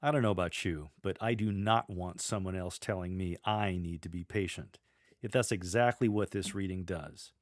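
A middle-aged man teaching church lectors how to proclaim a reading, measured and deliberate, pausing to model the lines. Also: sits low, no room sound, clean studio sound. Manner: measured, demonstrates readings aloud with deliberate pauses. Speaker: lector coach. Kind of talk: instructional podcast on scripture reading.

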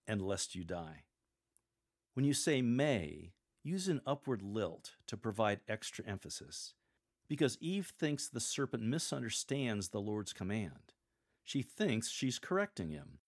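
Low-pitched male host, deliberate and emphatic coaching delivery with a playful streak. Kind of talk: instructional podcast on scripture reading.

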